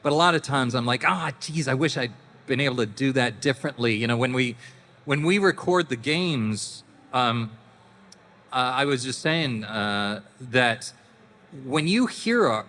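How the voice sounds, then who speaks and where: A middle-aged man from Canada speaks as a convention panel guest. His voice is bright and forceful, and he tells anecdotes with laughter and little acted-out voices. Long hall reverb and a faint hiss sit around him. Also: mid-range voice, big pitch swings, normal speed. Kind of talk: casual storytelling to an audience.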